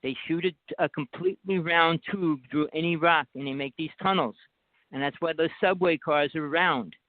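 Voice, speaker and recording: A man's voice: on the high side, normal speed, no room sound. A man with a New Jersey accent, a guest on a call-in talk show, telling long rambling stories in an insistent way. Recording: dry, phone-like line.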